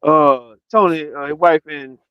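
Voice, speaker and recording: Male co-host, lively raconteur, bright high pitch, dry lo-fi audio. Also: a little slow, clear, resonant tone, no echo. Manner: animated storyteller, acts out quotes, laughs often. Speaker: podcast co-host. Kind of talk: casual storytelling chat.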